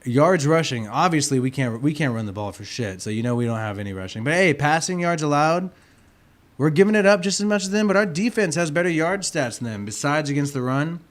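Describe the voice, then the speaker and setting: A man hosting a casual sports livestream, rowdy and profane, swinging from loud to soft, with a sore throat. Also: a little high, lively intonation, fairly quick. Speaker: livestream host.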